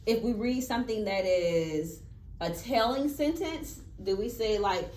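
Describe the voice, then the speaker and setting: A woman's voice: mid-range voice, lively intonation, unhurried, darkish tone. A woman teacher giving a one-on-one classroom lesson, asking patient questions with playful emphasis. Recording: echoey classroom.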